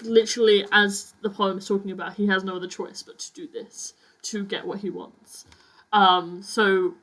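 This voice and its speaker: A woman's voice: medium pitch, a bit bright, rough recording. Chatty woman podcast host discussing poetry. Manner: chatty, rambling, many fillers and restarts. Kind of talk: casual poetry discussion and reading.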